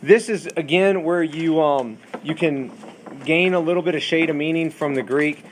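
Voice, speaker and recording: A man's voice: a little high, moderate pace, slight background noise. A man teaching a Bible study class in a classroom, lecturing in a conversational way and asking the students questions, with many fillers.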